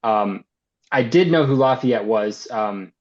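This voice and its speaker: A man's voice: mid-range voice, lively intonation, takes it slowly. A man, an actor and filmmaker, chatting casually as an interview guest, easygoing and rambling, with many ums and likes. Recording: slightly dull lo-fi sound.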